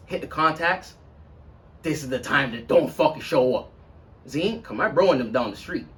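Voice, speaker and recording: A man's voice: recorded from a distance, slight background noise. Man telling a story casually, mic set back. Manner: animated, swings into loud high-pitched quotes of others. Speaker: podcast storyteller.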